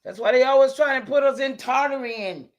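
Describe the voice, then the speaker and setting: Here a livestream host talks to her viewers in a high voice at a fairly quick clip, with a faint hiss or hum in the background. She repeats herself for emphasis, and her heated swearing is followed by apologies.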